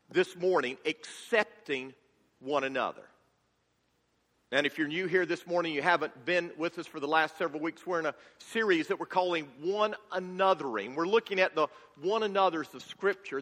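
A man's voice: fairly high pitch, sharp tone, long reverb tail. A male pastor preaching a sermon with enthusiastic, folksy humor.

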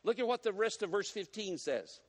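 A man preaching a sermon as a guest, folksy and animated as he tells stories and teases the congregation. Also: sits high, brisk, long reverb tail. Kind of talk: sermon with storytelling. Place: church sanctuary.

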